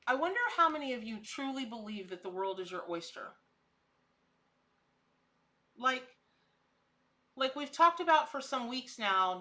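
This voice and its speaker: A chatty middle-aged woman runs a live-stream tarot reading, answering her chat by name with plenty of laughs. Her voice sits a little high and rings bright and forward. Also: animated, unhurried, pauses often. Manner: laughs often, with frequent restarts.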